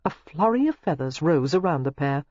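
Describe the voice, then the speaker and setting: An audiobook narrator reading a novel aloud in an expressive, scripted style. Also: normal speed, no room sound. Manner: expressive, shifting pitch through the narration. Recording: dull lo-fi dry recording.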